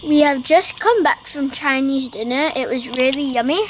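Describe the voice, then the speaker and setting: High-pitched young vlogger girl. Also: normal speed, music in the background, low-quality recording. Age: child. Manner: chatty, rambling with restarts. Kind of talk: casual family vlog. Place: garden outdoors.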